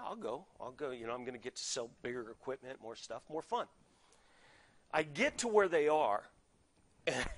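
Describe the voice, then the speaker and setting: Male preacher, conversational storyteller, slightly high voice, voices the people in his story. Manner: animated, acts out quoted dialogue. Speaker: pastor. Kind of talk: storytelling sermon.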